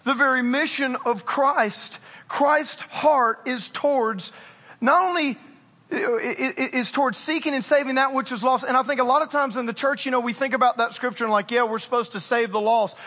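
A high, bright male voice preaching in his forties, with a slightly breathy edge. He tells jokes at his own expense and swings between lively storytelling and quiet stress. The sound rings with the long reverb of a large church hall. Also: normal speed. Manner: animated, self-mocking storytelling. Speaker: pastor. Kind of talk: sermon.

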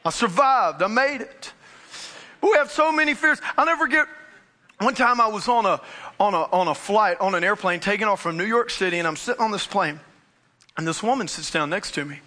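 High bright-voiced male pastor. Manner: animated storytelling with acted-out voices. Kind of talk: sermon.

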